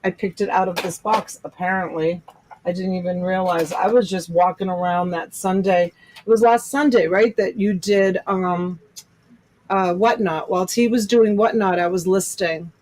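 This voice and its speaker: A woman's voice: on the low side, fairly even intonation, moderate pace, a little mellow. A woman hosting a casual live-stream jewelry sale, gushing over pieces and joking with viewers. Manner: gushing, exclaims over items, laughs often. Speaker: host selling jewelry lots in a live stream.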